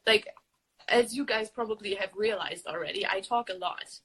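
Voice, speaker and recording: A woman's voice: medium pitch, moderate pace, pushed and bright, slightly rough, rough recording. A young woman chatting casually on a phone livestream, rambling with many fillers and laughs. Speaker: livestream host. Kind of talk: casual chat.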